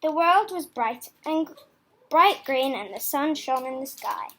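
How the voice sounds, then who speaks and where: A high-pitched woman reads a children's picture book aloud, taking it slowly and with lots of expression, like a storybook reader.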